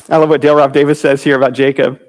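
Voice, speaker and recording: A man's voice: mid-range voice, little pitch movement, brisk. A man preaching a conversational Bible teaching, informal, with fillers, restarts and chuckles.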